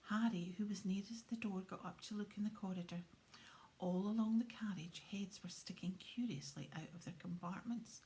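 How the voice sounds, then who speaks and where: A woman reading a storybook aloud in a hushed, breathy voice. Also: medium pitch, moderate pace, a little hiss or hum, poor audio. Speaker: audiobook reader. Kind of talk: storybook narration.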